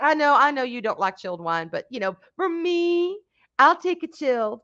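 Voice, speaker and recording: A woman hosting a casual livestream, talking frankly with some swearing and greeting chat viewers with loud excitement. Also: high-pitched, normal speed. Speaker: livestream host chatting with viewers. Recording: dull lo-fi stream audio.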